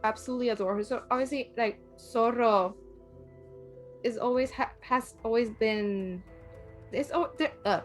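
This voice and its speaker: A woman from Puerto Rico, a guest in a casual chat, talking with animated energy and laughing often. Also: fairly high pitch, moderate pace, soft background music.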